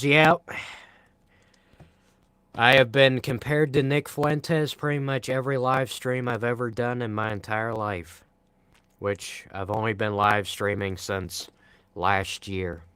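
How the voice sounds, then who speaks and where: Laid-back young man with a dry, low voice. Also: a bit bright, smooth, dry recording. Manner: laid-back, rambling, frequent sighs. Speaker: live streamer. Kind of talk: casual live-stream chat, answering comments.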